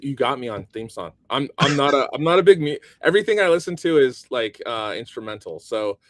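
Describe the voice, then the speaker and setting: A man as a guest in a casual interview, relaxed and thinking aloud with plenty of ums. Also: mid-range voice, a little fast, no echo, clean studio sound.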